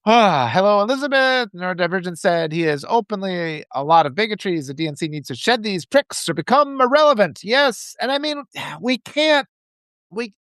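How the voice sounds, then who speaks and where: Impassioned man, high lively voice. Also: dry recording. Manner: impassioned, repetitive restarts. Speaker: live stream host. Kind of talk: political commentary, reading viewer comments.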